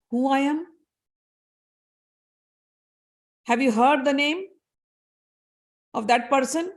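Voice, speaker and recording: Brief: woman doing an enraged old warrior-sage, high and gravelly, scolding. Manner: scolding, accusing. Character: furious older male warrior-sage, proud and threatening.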